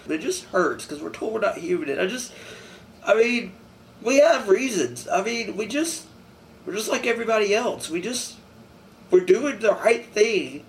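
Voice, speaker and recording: A young man from the Southern US mountains, crying as he talks haltingly and repeats himself in an emotional personal testimony. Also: high voice, animated, gravelly, slightly rough. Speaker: interviewee.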